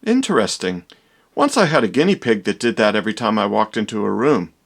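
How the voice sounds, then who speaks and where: A man's voice: lowish voice, big pitch swings, fairly quick, gravelly, a little hiss or hum. A man playing a vain, dramatic young doctor in a comedy parody, with theatrical, exaggerated delivery.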